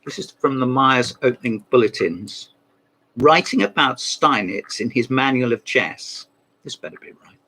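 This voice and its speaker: Husky, animated man. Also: mid-range voice, normal speed. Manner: rambling, self-interrupting, mock phone call asides. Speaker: comedy book reviewer. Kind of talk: comic monologue.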